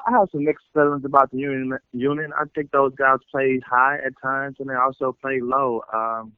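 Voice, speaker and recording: A man who is a former football player and now a coach, answering interview questions in a relaxed way and thinking out loud. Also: medium pitch, moderate pace, clean tone, dry recording. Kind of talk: podcast interview. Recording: tinny dry phone line.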